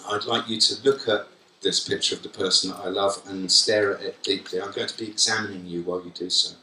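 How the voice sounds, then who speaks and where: A man giving a conference keynote talk, lively and joking, quizzing the audience directly. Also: low-pitched, quick pace. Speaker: keynote speaker. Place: conference hall at a college. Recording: echoey hall from far off.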